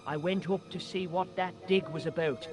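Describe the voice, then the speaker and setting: An actor playing a cheeky, boastful young Irish boy in a game, with a high, boyish, chirpy way of telling tales. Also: steady tone, normal speed, lightly acted. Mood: spooky tale. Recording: game audio with music behind.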